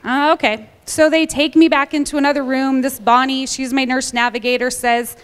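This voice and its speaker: A woman in her thirties telling a personal testimony to a church congregation, a lively storyteller who acts out the dialogue. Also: sits high, moderate pace, clean tone, big-room sound. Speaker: church member giving a testimony.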